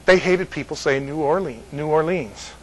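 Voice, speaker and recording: A man's voice: a little high, normal speed, poor audio. A man from California giving informal Bible teaching to a small group, joking and laughing often between his points.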